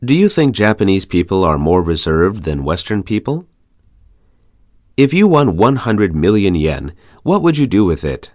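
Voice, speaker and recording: A man with a fairly low voice reads conversation practice questions for an English lesson at a steady pace. His intonation rises and falls in a lively way on each question. The recording is dry and close. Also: no echo. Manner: measured, evenly paced question reading. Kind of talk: reading practice questions aloud.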